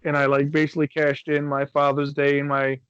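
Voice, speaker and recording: A middle-aged podcast co-host from Michigan, USA, tells a long, rambling story in casual chat, swearing freely and acting out what people said. His voice is fairly high and brisk, delivered completely flat, with a clean, slightly bright tone on a muffled recording.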